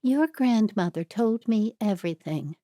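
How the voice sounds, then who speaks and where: A woman's voice: medium pitch, animated, measured pace, dark tone, no room sound, studio quality, close to an everyday voice. A woman voicing an elderly Amish woman sleuth who is nervous but bold, with urgent, rising questions. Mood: pressing. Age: older.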